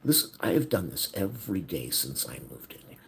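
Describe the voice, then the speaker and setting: Very deep-voiced man venting bitterly. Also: very animated, moderate pace, vocal fry, a little hiss or hum. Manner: agitated, bitter, swings from hushed to near-shouting. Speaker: vlogger. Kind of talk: venting monologue.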